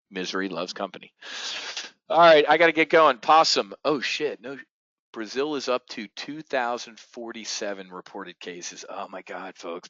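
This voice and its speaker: A man's voice: mid-range voice, dry recording. Ranting, profane man on a dull stream. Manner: blunt, profane, ranting, swings loud and quiet. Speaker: trading show host. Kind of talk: live-streamed market commentary.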